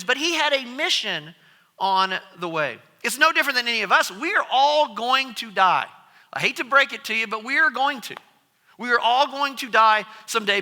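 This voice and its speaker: A man preaches in a high, bright, sharp voice, telling his story with lively swings in pitch. His words ring out with a long reverb from a church sanctuary. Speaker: pastor. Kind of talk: sermon.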